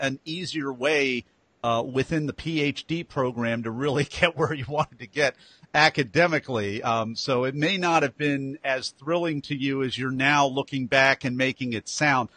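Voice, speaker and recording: A man's voice: mid-range voice, a bit bright, dry recording. Chatty male host with dry sound. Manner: chatty, rambling, stumbles over words. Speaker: interview host. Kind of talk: casual interview talk.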